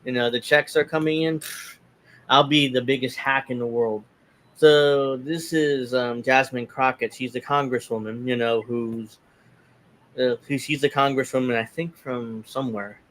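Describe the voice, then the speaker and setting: A man's voice: medium pitch, fairly even intonation, a little slow, a bit bright, a little hiss or hum. Sarcastic man hosting a political talk show. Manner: sarcastic, reads tweets aloud in mocking voices. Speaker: podcast host. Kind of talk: casual political commentary.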